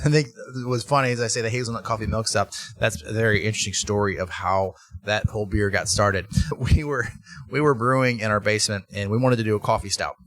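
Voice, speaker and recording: A man who owns a brewery, talking in a casual interview and telling animated stories with lots of restarts. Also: fairly low pitch, brisk. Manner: animated storytelling with laughs and restarts. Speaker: brewery owner, guest.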